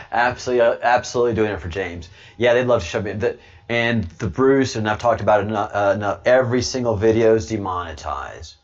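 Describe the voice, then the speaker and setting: Talking to his chat on a laid-back livestream, a man rambles in a lowish voice at a moderate pace. He trips over repeated words, stammering, and chuckles often.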